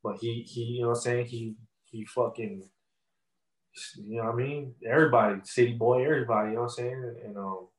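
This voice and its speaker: A man's voice: mid-range voice, steady tone, a little fast, poor audio. A young man, a rapper, telling his story in a casual interview in loose street slang full of fillers.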